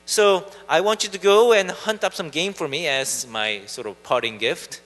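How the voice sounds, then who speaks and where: A man's voice: fairly high pitch, moderate pace, a bit bright, in a large hall, soft background music, natural voice, poor audio. A man voicing an old, nearly blind father, suspicious and solemn by turns. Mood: weary. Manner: casual storyteller's voicing, conversational.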